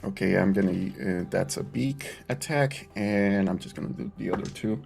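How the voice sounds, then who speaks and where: A man playing a tabletop game, describing his character's actions, excitable and given to swearing. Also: low voice, normal speed, gravelly, faint music behind. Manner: excitable, swearing, gets emotional. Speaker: player.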